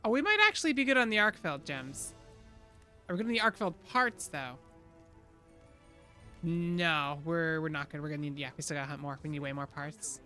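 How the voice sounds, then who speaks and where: A woman streams a game and chats with her viewers in a casual, excitable ramble. Her voice is bright and forceful, and her pitch swings widely. Faint game music plays behind her. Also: moderate pace, pauses often. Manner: chatty and excitable, rambling asides. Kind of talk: casual live-stream chat while gaming.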